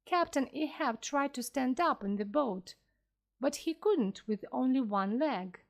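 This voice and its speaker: A woman narrating a story slowly and clearly for language learners, reading with careful pronunciation. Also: high voice, animated.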